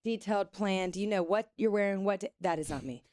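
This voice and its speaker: A woman from Louisiana, a singer guesting at a radio studio, chatting in an animated way and laughing often. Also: mid-range voice, a little fast, dry recording. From Louisiana, USA. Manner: animated, laughs often, mimics her own voice. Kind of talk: casual chat.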